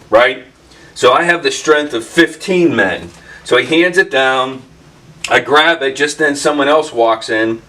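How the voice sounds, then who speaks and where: A man's voice: medium pitch, pushed and bright, recorded from a distance. A man hosting a casual vlog, telling a story in a rambling way with many fillers and restarts in his workshop. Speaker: channel host.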